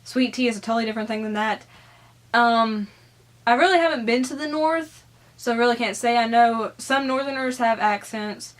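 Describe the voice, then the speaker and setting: A woman's voice: fairly high pitch, moderate pace. A young Southern American woman with a Southern accent, chatting casually as she answers viewer questions in her vlog. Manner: chatty, rambling, giggly.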